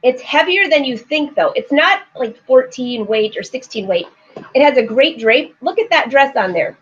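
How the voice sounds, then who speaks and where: A woman's voice: sits high, animated, moderate pace, breathy edge. A middle-aged woman hosting a live sewing show, chatting casually with viewers, laughing often and reading out their comments. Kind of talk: casual live-stream chat. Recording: slightly dull lo-fi stream audio.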